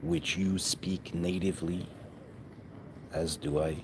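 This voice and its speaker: A man's voice: deep voice, steady tone, takes it slowly. A man from Canada delivering a hesitant, bitter, rambling monologue aimed at someone who is not there. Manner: hesitant, bitter, addressing an absent person. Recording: noisy ambient background.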